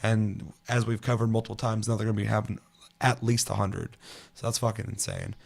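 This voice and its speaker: A man chatting casually on a gaming podcast, swearing a lot and telling stories with animated, shouted quotes. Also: fairly low pitch, brisk, vocal fry, husky. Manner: profane, animated storytelling with shouted put-on quotes. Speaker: podcast co-host.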